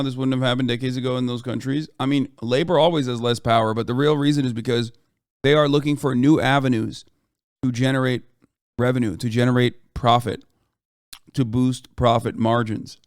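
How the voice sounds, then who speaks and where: A man's voice: medium pitch, fairly even intonation, brisk, smooth, dry recording, clean studio sound. A live streamer man giving heated political commentary, arguing bluntly and swearing freely.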